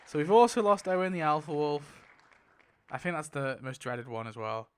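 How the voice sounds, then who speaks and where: A young man commenting casually as he spins a wheel, excitable, laughing often and swearing. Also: a little high, normal speed, clean tone. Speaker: YouTuber spinning a wheel. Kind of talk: casual commentary while playing.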